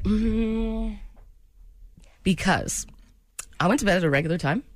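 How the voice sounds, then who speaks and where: A female morning radio host with a medium-pitched voice, telling chatty, self-deprecating stories to her co-host. Her voice is close and dry, as if on a studio mic. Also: expressive, a little slow, no room sound.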